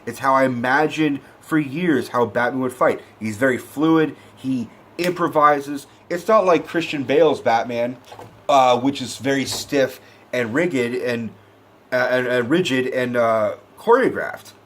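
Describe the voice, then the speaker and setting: A man's voice: mid-range voice, a little slow, a little hiss or hum. Guy ranting about a movie, swearing nonstop, sarcastic and worked up, regular mid voice. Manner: swears constantly, sarcastic, wound up. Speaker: movie reviewer. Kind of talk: profane movie review rant.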